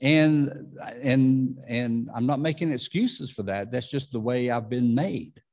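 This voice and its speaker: A man's voice: medium pitch, measured pace, darkish tone. A man preaching a conversational sermon, with asides and frequent restarts. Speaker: pastor.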